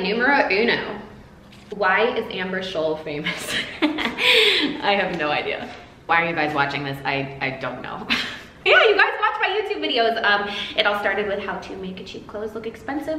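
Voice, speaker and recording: Young woman, twenties, vlogger, bubbly, giggly, animated, echoey room. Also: medium pitch, normal speed, slight background noise. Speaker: YouTuber. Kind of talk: casual vlog Q&A.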